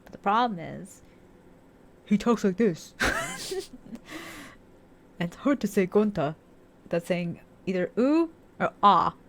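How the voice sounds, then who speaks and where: A woman's voice: mid-range voice, expressive, slow pace, pauses often. A young woman casually commenting on a game as she plays, chatty, laughing often and swearing freely. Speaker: let's-play streamer.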